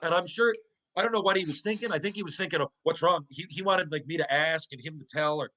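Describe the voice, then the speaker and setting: His voice on the high side and his pace quick, a middle-aged ex-hockey pro tells stories as a podcast guest. The conversation is casual, animated and profane, with frequent restarts and rhetorical questions, and the recording is rough.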